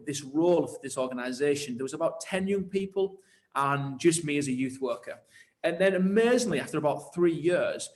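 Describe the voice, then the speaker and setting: A man who leads churches tells his story in an interview with animated enthusiasm. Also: fairly high pitch. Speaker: church leader and pastor.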